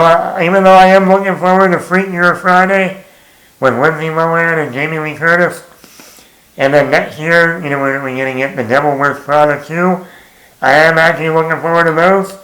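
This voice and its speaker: Exasperated swearing male movie reviewer. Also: a bit bright. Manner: blunt, exasperated, swears freely, quotes lines in a higher voice. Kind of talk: casual spoken film review. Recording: echoey room.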